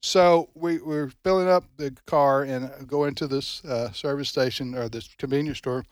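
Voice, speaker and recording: A man's voice: medium pitch, fairly even intonation, moderate pace, no echo, clean studio sound. A man co-hosting a talk radio show, chatting and teasing his partner on air. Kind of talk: casual on-air banter. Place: radio studio. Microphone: studio microphone.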